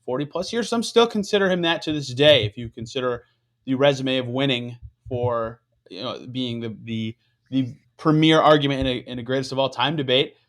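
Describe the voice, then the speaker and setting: A man's voice: medium pitch, fairly quick. A man hosting a sports podcast, talking conversationally with frequent fillers. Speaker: podcast host. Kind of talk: casual sports podcast discussion.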